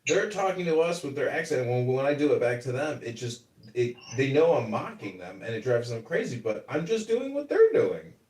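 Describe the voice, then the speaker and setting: A man in casual chat who rambles, mocks and swears freely. His pitch leaps and dips in a lively way, and he sounds roomy and a bit off the mic. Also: normal speed, distant mic. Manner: profane, rambling, mocking. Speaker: podcast host and political candidate. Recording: roomy room, away from the mic.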